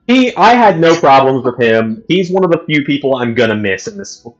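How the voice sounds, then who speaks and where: A man's voice: fairly high pitch, sing-song, moderate pace, dull audio, faint music behind. A man hosting a livestream, telling a travel story in an exasperated, profane ranting way. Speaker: livestream host.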